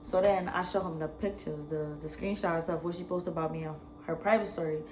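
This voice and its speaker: A young adult woman, telling a personal story in a slangy, animated way. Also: fairly low pitch, a little fast, noisy background. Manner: animated, slangy retelling, acts out both sides. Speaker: vlogger. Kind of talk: casual storytime.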